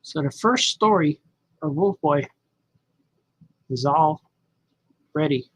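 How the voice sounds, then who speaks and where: A man's voice: fairly high pitch, lively intonation, slow, fairly bright tone, slightly rough, rough recording. A man cartoonist chatting casually to viewers as he colors his comic pages, rambling as he works. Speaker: cartoonist livestreaming his drawing. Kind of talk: casual live commentary while drawing.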